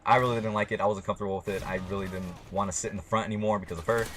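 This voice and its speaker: Young male vlogger, slightly low voice; loose, profane, blunt storytelling. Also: steady tone, racing, noisy background. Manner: rambling, swears a lot, blunt. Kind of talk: casual storytelling to camera.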